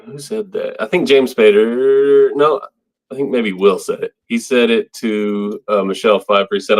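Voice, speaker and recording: Male co-host, lowish voice, rambling casual chat, quick to laugh. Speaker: podcast co-host.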